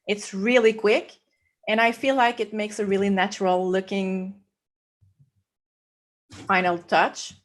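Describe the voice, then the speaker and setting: French woman slowly explaining her photo edits, easygoing, laughs a lot. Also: medium pitch, little pitch movement. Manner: slow, explanatory, laughs easily. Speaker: guest photographer. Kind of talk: live photo-editing demo.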